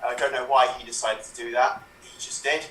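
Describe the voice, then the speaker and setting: Bright-voiced man rambling from a roomy call. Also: mid-range voice, flat delivery, fairly quick. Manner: rambling, self-mocking. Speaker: improv performer. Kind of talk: improvised comic monologue. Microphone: video call. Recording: roomy, distant webcam sound.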